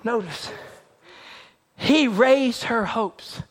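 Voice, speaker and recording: Man, sermon, very high voice, bright tone, rhythmic repetition, shouts dropping to near-whispers. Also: measured pace. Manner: repetitive, building cadence. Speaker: preacher.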